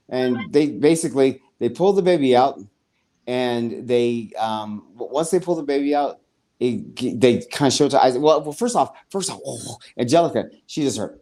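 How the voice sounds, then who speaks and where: A man co-hosting a casual podcast, retelling a TV episode in a rambling, animated way with swearing and quick acted asides. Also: mid-range voice. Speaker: podcast co-host. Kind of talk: casual chat recapping a TV episode.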